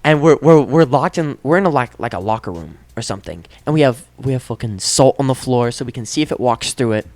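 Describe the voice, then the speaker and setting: A man's voice: mid-range voice, lively intonation, fast talker, few pauses, a little mellow, no room sound. A young man telling a story in casual chat, acting out the voices and sound effects as he goes. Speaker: podcast host.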